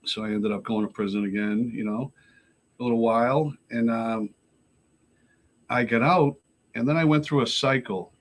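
Man, middle-aged, casual profane storytelling, rambling, mid-pitched voice. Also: fairly even intonation, normal speed, long pauses. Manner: rambling, profane, frequent 'you know'. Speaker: guest in recovery.

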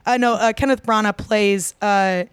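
Chatty woman with a smooth voice. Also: mid-range voice, steady tone, normal speed, no echo. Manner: rambling, many fillers and restarts. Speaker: podcast co-host. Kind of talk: casual chat.

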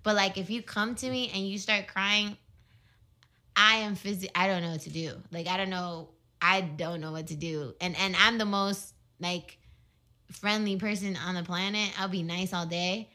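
A woman's voice: medium pitch, fairly even intonation, moderate pace, bright, forceful tone. A young adult woman chatting casually as a podcast co-host, frank and talkative. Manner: frank, talkative, many "like" fillers. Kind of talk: casual chat.

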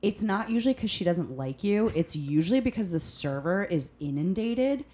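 A woman from the United States, a restaurant server, chatting as a podcast guest and telling lively stories about work. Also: medium pitch, normal speed. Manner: animated storyteller, acts out quoted people. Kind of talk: casual podcast conversation.

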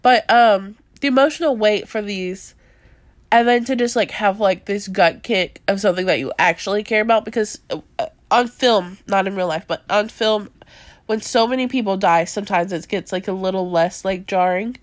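A young woman hosting a casual podcast about movies, talking in an animated way with a lot of fillers and frequent laughter. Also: mid-range voice, normal speed, no echo. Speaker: podcast host. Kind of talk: casual chat reviewing movies.

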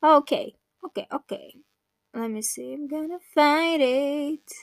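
A woman's voice: high-pitched, normal speed, gravelly, no room sound. A young woman hosting a personal podcast, talking casually and emotionally, rambling, laughing and swearing now and then. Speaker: podcast host.

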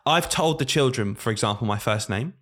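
His mid-range voice moves fairly quickly as this late-twenties primary school teacher chats casually on a podcast. He brings his stories to life by performing his pupils' voices.

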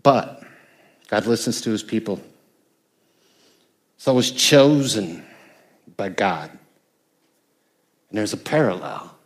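A man's voice: on the low side, animated, takes it slowly, long pauses. An older American man, a pastor, preaching a conversational sermon with emphatic bursts. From United States.

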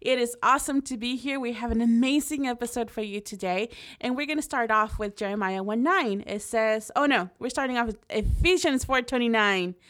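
A woman's voice: on the high side, a little fast, few pauses, a bit bright. A woman co-hosting a casual faith podcast, upbeat and affirming as she reads and comments. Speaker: podcast co-host.

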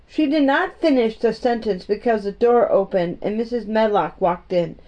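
A woman reading a children's story aloud in a gentle, homey storytime manner. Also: on the high side, moderate pace, few pauses. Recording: muffled lo-fi recording.

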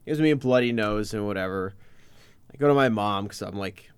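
A young man in casual chat, telling a story with wry, deadpan asides. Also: on the low side, a little fast, clear, resonant tone, no echo.

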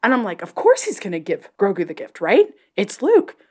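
A woman co-hosting a podcast and reviewing a TV episode in casual chat, excitable and animated, acting out her own reactions. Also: medium pitch, moderate pace, slight background noise. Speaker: podcast co-host.

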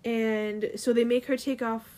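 A young woman talks through a comic's story in a relaxed, rambling way. Her voice sits a little high, and she leans on "like" and "um" as she goes. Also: measured pace. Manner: chatty, rambling, filler-heavy. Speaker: co-host. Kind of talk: casual chat retelling a comic's plot.

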